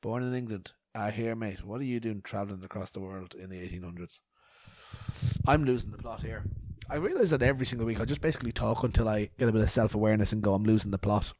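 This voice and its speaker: A man's voice: on the low side, quick pace, a little mellow, no room sound. A man hosting a podcast, rambling and swearing with mock outrage and a bad cough. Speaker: podcast host. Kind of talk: rambling solo podcast chat.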